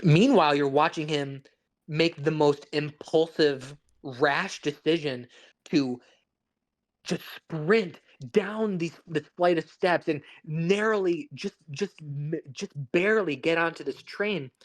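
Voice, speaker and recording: Here the co-host has a fairly high voice and a slow pace. He chats casually about a film, rambling with enthusiasm, restarting himself and swearing freely.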